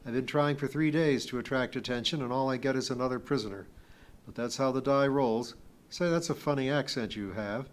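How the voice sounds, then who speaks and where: A man voicing a gruff Roman legionary. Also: medium pitch, brisk, natural voice. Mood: wry. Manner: blunt, rude and threatening. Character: gruff middle-aged male Roman legionary, crude and watchful. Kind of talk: audiobook character voice.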